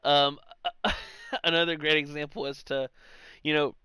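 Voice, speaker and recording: High bright-voiced guy chatting sports. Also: little pitch movement, measured pace, clear, resonant tone, no room sound. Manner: loose, profane, acts out quotes with laughs. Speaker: podcast co-host. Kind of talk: casual sports chat.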